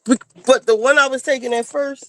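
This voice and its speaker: A woman's voice: sits high, fairly even intonation, a little fast, no room sound. A woman panelist in casual chat, talking bluntly and rambling with plenty of swearing. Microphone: video call.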